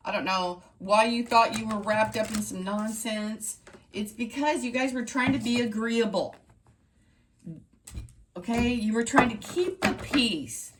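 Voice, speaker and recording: A woman's voice: fairly high pitch, measured pace, noisy background. A woman running a tarot reading channel, talking straight to her viewers in an emphatic, repetitive pep-talk style. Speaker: tarot reader.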